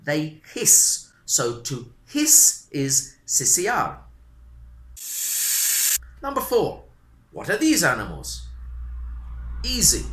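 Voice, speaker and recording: A man teaching a beginner English lesson, taking his time and repeating each word. His pitch swings up and down with a lot of life, and his voice is bright. It is recorded in a roomy, echoey space. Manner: slow, repetitive teaching, animated intonation. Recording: roomy echo.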